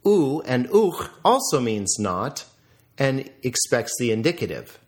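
Man, teacher, vocabulary review lecture, careful pronunciation, measured pace, animated pitch. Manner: lively, deliberate pronunciation drills.

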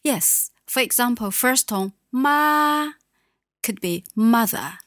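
Female teacher on a podcast lesson, patient, unhurried, models each sound clearly, dry booth. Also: on the high side, expressive, fairly bright tone, no room sound. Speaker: language teacher.

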